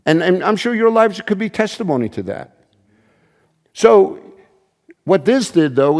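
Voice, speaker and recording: A man's voice: high-pitched, lively intonation, a little slow, long reverb tail. A man preaching a sermon as pastor, in a conversational style with frequent restarts and asides. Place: church.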